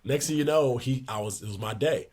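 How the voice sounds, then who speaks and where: A young man in his twenties, a podcast guest, telling lively locker-room anecdotes in a casual way, laughing along. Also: medium pitch, brisk. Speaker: podcast guest, pro basketball player. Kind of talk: casual storytelling in a sports podcast.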